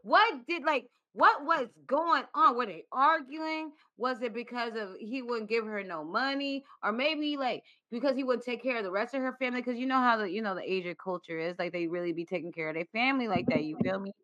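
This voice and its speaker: A woman co-hosting a casual podcast chat, animated and playful, often laughing. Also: fairly high pitch, fairly quick, few pauses, highs cut off. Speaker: podcast co-host.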